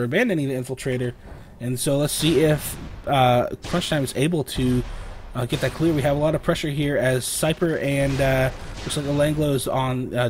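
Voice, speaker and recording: A young man with a sore throat, casting a video game match alone in a rambling play-by-play full of fillers, often clearing his throat. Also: fairly high pitch, darkish tone, slight background noise. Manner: rambling, filler-heavy, lifts and speeds up on big plays. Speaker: esports caster. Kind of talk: solo play-by-play game commentary.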